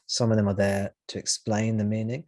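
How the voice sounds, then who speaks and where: A man with a low, steady voice leads a spiritual satsang over a call, thinking aloud as he goes. His phrasing is reflective and he often restarts a sentence mid-thought. The sound is close and dry, with no room around it. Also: fairly quick, no echo. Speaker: spiritual teacher. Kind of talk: live satsang talk.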